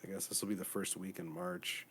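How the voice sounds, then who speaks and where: A man co-hosting a podcast in relaxed, casual chat, full of fillers. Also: low voice, a little fast, a little hiss or hum. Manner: laid-back, many fillers. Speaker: podcast co-host.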